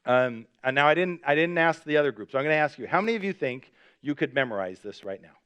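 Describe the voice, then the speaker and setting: A male pastor preaching a sermon in a chatty, lively storytelling way, his voice jumping up when he acts out a scene. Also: on the high side, fast, clear, resonant tone, highs cut off. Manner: chatty, with many fillers. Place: church service.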